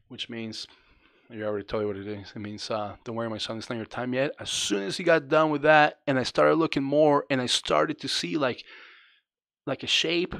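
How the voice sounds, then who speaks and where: A man from Colombia earnestly telling a personal story to camera, rambling with lots of fillers and restarts, dropping soft and low when reflective and lifting when excited. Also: no echo. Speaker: vlogger.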